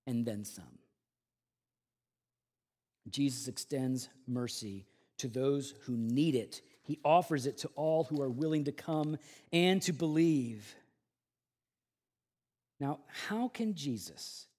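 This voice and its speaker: A man preaching a sermon as pastor, earnest and conversational, swinging between soft and loud. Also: on the high side.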